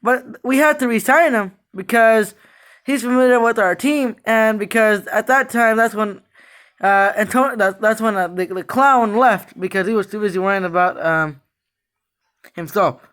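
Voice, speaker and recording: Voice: mid-range voice, a bit bright. A sports fan vlogger giving a casual, rambling rant about the team, repeating themselves in frustration with lots of fillers and restarts.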